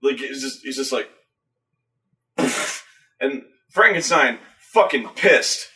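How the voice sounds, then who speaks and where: An excitable man recapping a movie in casual chat, his bright voice swinging widely in pitch. He stumbles over restarts, swears freely and acts scenes out. He sits some distance from the mic. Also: slow. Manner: excitable, acts out scenes with loud grunts and shouts; profane, stammering restarts.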